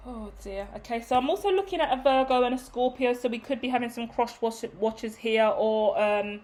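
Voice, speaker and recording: A woman's voice: on the high side, brisk, darkish tone. A woman chatting her way through a tarot reading for her viewers, rambling and often checking in with "okay?". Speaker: tarot reader.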